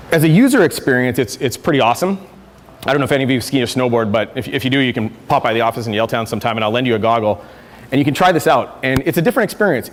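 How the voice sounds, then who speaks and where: A man's voice: mid-range voice, in a large hall. A man giving a conference talk, conversational and self-correcting with frequent fillers. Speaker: conference speaker. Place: lecture hall.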